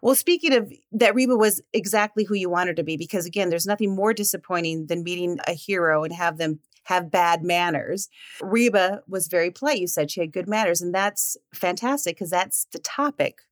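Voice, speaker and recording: A woman's voice: on the low side, brisk, no room sound, studio quality. A woman from Minnesota, co-hosting a podcast in an upbeat, chatty manner. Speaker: co-host. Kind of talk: casual podcast chat.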